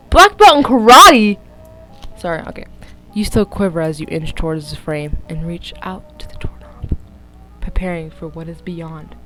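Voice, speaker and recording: A vlogger, a young woman with a fairly low voice, reads fan fiction aloud into her phone in a casual way, and the audio quality is poor. She giggles and rambles, constantly interrupting herself to comment on the text.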